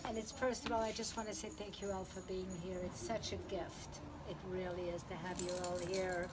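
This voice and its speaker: A woman's voice: mid-range voice, flat delivery, brisk, very noisy. A woman giving a heartfelt eulogy at a memorial, telling personal stories and laughing through the funny parts. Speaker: eulogy speaker.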